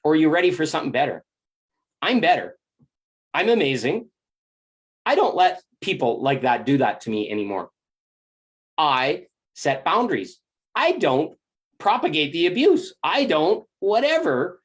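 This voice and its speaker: A man's voice: on the high side, very animated, moderate pace, pauses often. A man giving a reflective spiritual self-help monologue, candid and emphatic, swearing freely and often repeating words as he thinks aloud.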